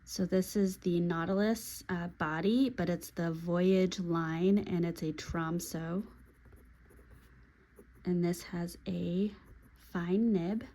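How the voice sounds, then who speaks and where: Young woman, lowish voice, casual chatty vlogger talking as she writes. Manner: chatty and relaxed, with pauses while writing. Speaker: pen and planner video creator. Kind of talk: casual vlog talk while writing.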